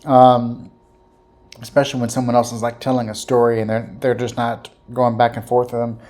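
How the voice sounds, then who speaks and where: A reaction video host giving relaxed, reflective commentary after a clip, with light chuckles. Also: mid-range voice, normal speed.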